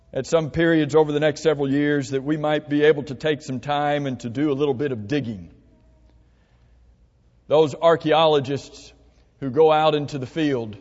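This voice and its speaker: A man with a high voice delivers an earnest teaching sermon in a church hall. He talks through his points with repeated instructions and restarts. The recording is dull and muffled, with a long reverb trailing off his words. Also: darkish tone. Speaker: pastor.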